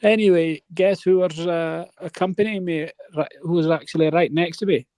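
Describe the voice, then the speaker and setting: A man's voice: fairly high pitch, steady tone, moderate pace, a little mellow, no room sound. A man telling a long rambling story on a live panel, checking in with his listeners. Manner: rambling, keeps checking in with "right?".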